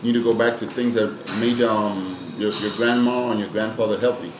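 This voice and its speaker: A man's voice: lowish voice, fairly even intonation, fairly quick. A man, a fitness trainer and nutrition coach, answering interview questions in a plain-spoken, emphatic way and often repeating words as he thinks. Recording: echoey room with background noise.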